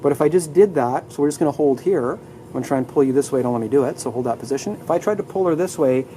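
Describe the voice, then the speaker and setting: An upbeat male anatomy instructor lecturing to a live class, leading students through the terms and getting them to say each one aloud. His voice sits a little high yet sounds mellow and relaxed. Faint classroom noise hums behind him. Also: quick pace, poor audio.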